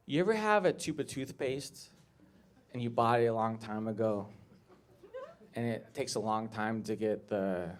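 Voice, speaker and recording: A man doing a stand-up comedy set, awkward and rambling with deadpan asides, on a club stage with a handheld mic. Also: on the low side. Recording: live club with audience noise. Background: audience laughter.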